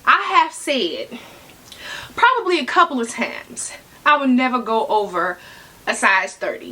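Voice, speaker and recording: A giddy woman chatting through an unboxing for her viewers, her voice swinging wildly up and down. She talks herself down from excitement and drops to whispers now and then, all bright and sharp in tone. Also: a little high, a little slow. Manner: chatty slang-filled banter with viewers. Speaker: fashion vlogger.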